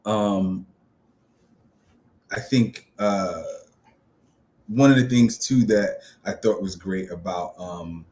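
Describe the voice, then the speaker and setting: A man's voice: low-pitched, slow, pauses often, a little mellow. A man from New City, talking through a movie review in a loose, chatty way full of ums and uhs. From New York City. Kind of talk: casual spoken film review.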